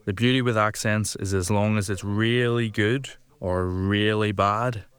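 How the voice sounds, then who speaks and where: A man's voice: fairly low pitch, fairly even intonation, measured pace, a bit bright, clean tone, no echo. A man commenting on his own stand-up set, talking in a reflective, dry way.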